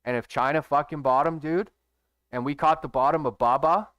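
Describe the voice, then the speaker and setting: A man's voice: on the high side, steady tone, normal speed, a bit bright, smooth, no room sound, studio quality. A man giving a casual screen-share trading tutorial, emphatic and profane, who keeps checking in with his viewers. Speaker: stock trading educator.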